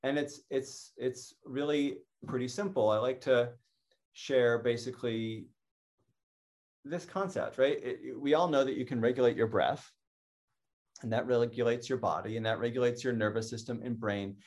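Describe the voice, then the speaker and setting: A middle-aged man from North America giving a calm, earnest educational talk as a mindfulness teacher, often restarting his phrases. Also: medium pitch, normal speed.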